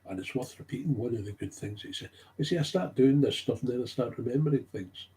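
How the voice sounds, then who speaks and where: Quick-paced and warm, a medium-pitched man tells stories from recovery work without a script. He grows agitated as he speaks, using repetition of key phrases to stress his points.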